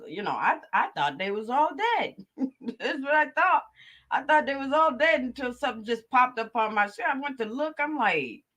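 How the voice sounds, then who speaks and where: A woman's voice: on the high side, bright, forceful tone. A woman hosting a live stream, chatting casually and cracking crude jokes with frequent laughter. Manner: laughing, profane, joking commentary. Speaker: livestream host. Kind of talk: casual comedic chat.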